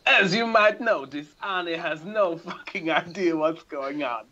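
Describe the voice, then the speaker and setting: A man imitating an excitable male motorsport TV commentator who sounds strained, as if forcing each word out. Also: on the high side, measured pace, lo-fi sound.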